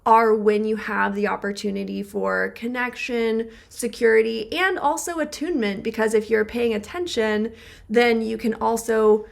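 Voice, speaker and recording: Higher-voiced woman co-hosting a podcast. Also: creaky. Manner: explains with everyday examples, many filler words. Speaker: podcast co-host and relationship therapist. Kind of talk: casual podcast conversation.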